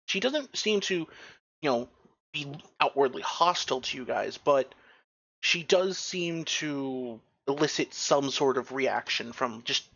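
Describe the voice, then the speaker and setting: On a dull, lo-fi recording, a man acting as game master narrates a tabletop game in a bright, forceful, mid-range voice, rambling along with lots of fillers and restarts.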